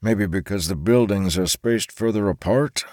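A man's voice: fairly low pitch, moderate pace, a little mellow, no room sound, studio quality, pitched above the performer's own voice, close to an everyday voice. A man voicing Charles, an older grandfather with a mild, musing way of talking.

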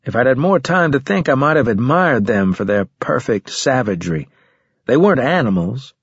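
Husky man narrating a story. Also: medium pitch, big pitch swings, normal speed, dry recording, dull audio. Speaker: audiobook narrator. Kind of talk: first-person scripted narration.

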